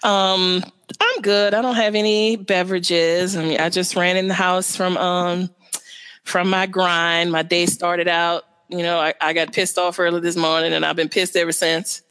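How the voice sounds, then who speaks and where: A woman from Louisiana with a New Orleans accent, co-hosting a casual chat over a remote call and telling stories with drawn-out emphasis. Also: on the low side, level tone, a bit bright, clean tone. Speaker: podcast co-host.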